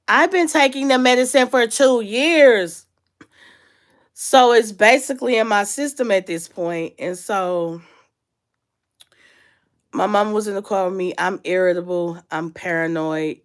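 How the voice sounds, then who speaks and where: A woman's voice: sits low, clean tone. A young woman, sick and under the weather, chatting casually to her viewers and confiding, her voice rising and sinking with her feelings. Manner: chatty, confiding, lively rises and sinks with feeling. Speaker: vlogger. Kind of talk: casual storytime chat.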